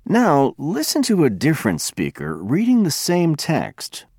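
A man giving a scripted lecture, speaking clearly and deliberately, with slow spoken examples. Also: fairly high pitch, huge pitch swings, a little mellow, slight background noise. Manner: clear, deliberate, demonstrates pronunciation.

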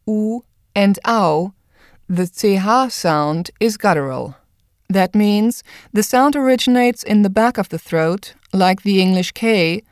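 A woman narrating a pronunciation lesson in a measured, scripted instructional style. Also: mid-range voice, dry recording, clean studio sound. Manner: clear, measured explanation. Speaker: language instructor.

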